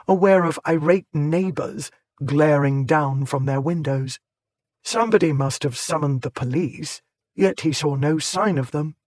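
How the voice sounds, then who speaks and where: A man narrating an audiobook in a measured, clear way. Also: fairly high pitch, a little mellow, no room sound. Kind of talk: scripted narration.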